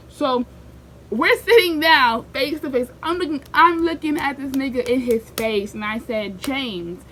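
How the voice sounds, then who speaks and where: A young woman casually telling a story for her vlog, slangy and animated, bursting into quoted voices and loud outbursts. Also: fairly high pitch, slight background noise, rough recording.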